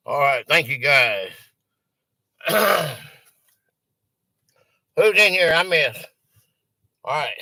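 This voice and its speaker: A man's voice: fairly high pitch, bright, forceful tone, no room sound. A man hosting a live stream, chatting casually and greeting viewers by name.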